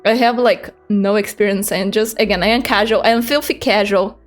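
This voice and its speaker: A woman's voice: mid-range voice, brisk. A young woman streaming a game, chatting casually and self-deprecating, with some swearing. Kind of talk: casual gaming stream chat. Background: game music.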